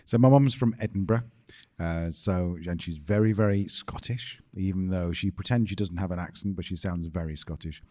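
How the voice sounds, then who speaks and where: A man's voice: deep voice, normal speed, warm tone. A British man co-hosting a podcast in casual chat, explaining things with dry jokes. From Britain. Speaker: podcast co-host.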